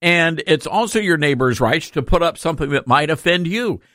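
Animated sarcastic talk radio man. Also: a little high, normal speed, no room sound, clean studio sound. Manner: sarcastic, laughing, animated asides. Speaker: radio talk show host.

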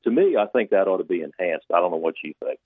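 A man's voice: low voice, lively intonation, quick pace, breathy edge, no room sound. A man calls in to a radio show, pressing his point earnestly and with indignation. His voice comes through a thin, phone-like line, close and dry. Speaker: caller.

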